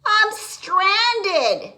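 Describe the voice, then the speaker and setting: A panicky male bullfrog from a picture book cries out in a high, bright, lively voice, as a woman puts him on. He sounds miserable and stranded. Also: slow, gravelly, heavily acted. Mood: panicked. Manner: pleading, cries out in distress. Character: sad worried male bullfrog, storybook hero.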